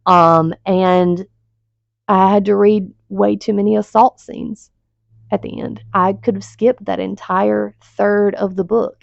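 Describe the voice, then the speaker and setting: Exasperated and rambling, a book reviewer swears freely in her casual vlog. Her mid-range, gravelly voice barely moves in pitch, and she takes it slowly. A home video mic gives dull lo-fi sound with no echo.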